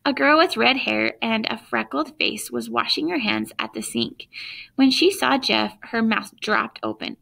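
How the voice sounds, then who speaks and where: A woman teacher reading a children's book aloud to students, expressive, with chatty asides to her listeners. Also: a little high, moderate pace, gravelly.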